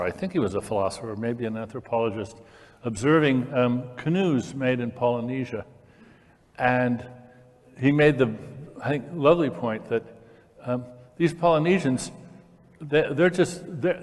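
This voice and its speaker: Eager man talking in a reverberant hall. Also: mid-range voice. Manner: enthusiastic, demonstrative, with fillers and restarts. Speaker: public conversation speaker. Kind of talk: lively onstage discussion. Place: large hall, in front of an audience.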